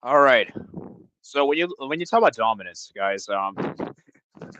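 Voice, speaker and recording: A man's voice: medium pitch, expressive, normal speed, bright, forceful tone, no echo, lo-fi sound. A man hosting a casual online football debate, giggly, handing turns and keeping time. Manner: laughing, giggly, keeps time for others. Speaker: host and moderator.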